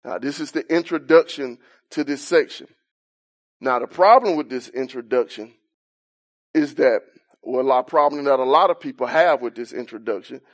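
In a Bible-teaching sermon, a man with a mid-range voice explains a passage and poses questions, his intensity rising on the key points.

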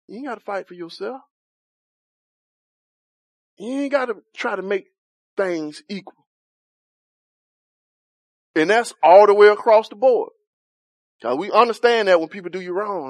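A man leads a Bible study in a loose, conversational style, often putting questions to the group and laughing along. His voice sits fairly high. The sound is close and dry. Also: animated, moderate pace, pauses often, no room sound. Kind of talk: interactive Bible study teaching.

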